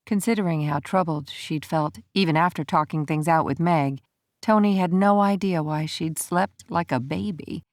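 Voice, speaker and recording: A woman narrating a romance audiobook in an even, measured storytelling manner. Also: deep voice, no echo, studio quality.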